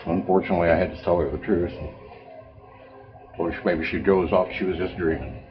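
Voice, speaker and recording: Deep-voiced older man rambling in his kitchen. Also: fairly even intonation, a little fast. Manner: rambling, folksy storyteller. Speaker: home cook. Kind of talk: casual cooking vlog. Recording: dull lo-fi home video with faint music.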